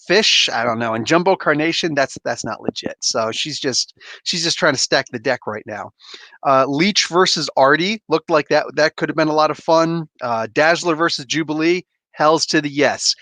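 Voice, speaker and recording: A man's voice: fairly high pitch, a bit bright, no echo. Joking, laid-back male comic reviewer. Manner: loose, joking, laughs often, mild swearing. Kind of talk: casual live-stream review.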